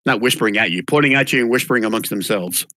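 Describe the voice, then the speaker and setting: Halting man running a tabletop game. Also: lowish voice, sharp tone, no room sound. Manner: halting, casual, many restarts. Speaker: game master.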